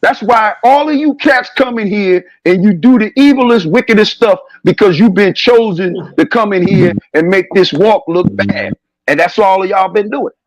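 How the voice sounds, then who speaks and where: Man, high voice, dry sound, confrontational, preachy street talk, live stream call. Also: lively intonation, moderate pace, no echo, low-quality recording. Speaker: guest on a live stream show. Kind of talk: heated live stream rant.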